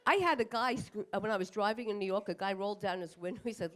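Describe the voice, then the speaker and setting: A woman in her fifties performs a crude, profane stand-up set on a club stage. Her mid-range voice moves fast through brash punchlines and acted-out asides.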